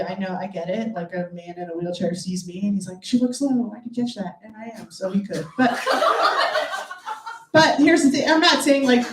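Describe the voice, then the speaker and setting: A woman's voice: medium pitch, echoey room, recorded from a distance, background noise. A woman performing a stand-up comedy set, blunt, crude and self-deprecating, to a live audience. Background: audience laughter.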